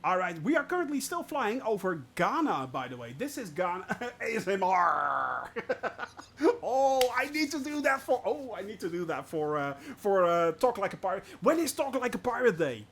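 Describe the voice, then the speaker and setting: A man streaming a flight game live, loud and jokey, laughing at his own puns and greeting viewers by name. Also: sits high, very animated, moderate pace, slight background noise. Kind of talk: live gameplay commentary.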